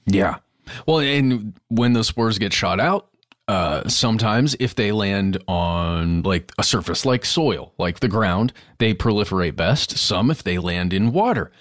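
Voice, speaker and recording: A man co-hosting a casual chat podcast, laid-back and animated, saying "man" and "dude". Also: fairly low pitch, unhurried, no echo, clean studio sound. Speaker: podcast co-host.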